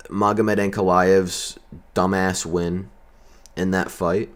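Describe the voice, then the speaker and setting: A man delivering a heated, profane and sarcastic vlog rant. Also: on the low side. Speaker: vlogger. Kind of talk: ranting commentary.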